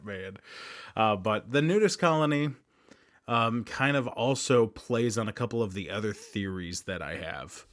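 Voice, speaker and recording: A man's voice: lowish voice, no echo, studio quality. A man in his thirties hosting a casual commentary monologue, chatty, laughing often and jumping into sudden emphasis. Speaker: show host.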